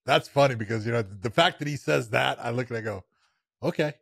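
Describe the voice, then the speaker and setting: A man co-hosting a podcast in relaxed, casual chat, often saying "you know". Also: medium pitch, brisk, gravelly, slightly rough, no room sound, clean studio sound. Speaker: podcast co-host.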